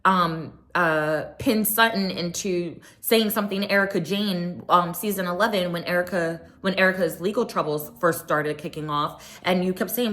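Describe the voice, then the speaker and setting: A woman's voice: on the low side, moderate pace, hardly any pauses. A young woman giving a chatty, opinionated recap of a reality TV episode, acting out the people she quotes. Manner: chatty, opinionated, animated retelling with quoted voices. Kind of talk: casual recap commentary.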